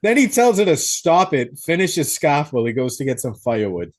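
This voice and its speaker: A young man co-hosting a podcast, recapping a horror movie in a profane, animated way. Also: a little high, a little fast. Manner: profane, animated storytelling with acted-out quotes. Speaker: podcast co-host. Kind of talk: casual movie recap chat.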